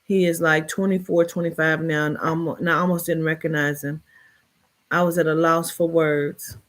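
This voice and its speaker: Speaking low at an ordinary pace, a woman first reads from a short story. After that she tells something from her own life, chatty and expressive, dropping in colloquial asides.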